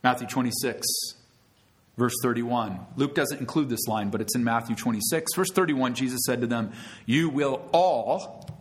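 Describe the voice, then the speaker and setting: A man preaching an expository sermon, reading scripture verse by verse and adding asides, with his voice climbing for emphasis. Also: normal speed. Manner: earnest preaching, with sudden rises in pitch and loudness for emphasis; adds tag questions and asides to scripture quotes. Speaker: pastor.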